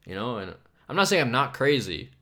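A young man hosting a comedy podcast, talking alone in a rambling, profane way, swinging between loud bursts and low mumbles. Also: very animated, a little fast. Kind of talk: casual solo podcast rant.

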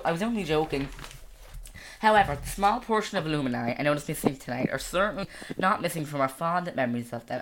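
A woman putting on an American accent plays a graduation speaker reading a formal address to returning alumni. The voice sits low in pitch and paces through the speech like a reading from a script. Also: slight background noise. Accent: American (put-on).

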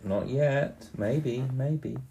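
A man in his fifties narrating a tabletop game for a small child in a slow, gentle storytelling voice, often pausing to ask her questions. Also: medium pitch, creaky, a little hiss or hum. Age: 50s. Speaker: game master.

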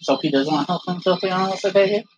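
A young male podcast co-host chats casually while watching old footage, laughing often and swearing freely. His voice sits high and quick, and the audio has its highs cut off with a noisy background.

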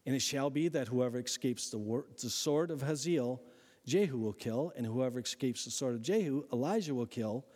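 A man preaching a sermon as a pastor, conversational and animated, asking the listeners rhetorical questions as he reads and explains scripture. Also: medium pitch, normal speed, husky, big-room sound.

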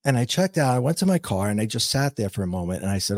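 A man's voice: lowish voice, very animated, fast, hardly any pauses, no room sound. A middle-aged man, a guest on a podcast, earnestly telling a personal story and acting out his own past words. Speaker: guest, intuitive and author.

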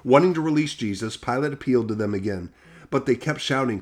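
A man reading Bible passages aloud in a steady, measured way, lightly voicing the quoted lines. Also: medium pitch. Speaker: scripture reader.

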